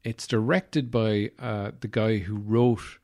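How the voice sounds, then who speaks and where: Irish male podcast host, lowish voice, casual rambling delivery, filler-heavy, dry self-mocking humor. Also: fairly even intonation, slow pace, darkish tone. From Ireland. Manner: rambling and digressive, many "uh" fillers; wry, self-deprecating humor. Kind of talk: casual solo podcast talk.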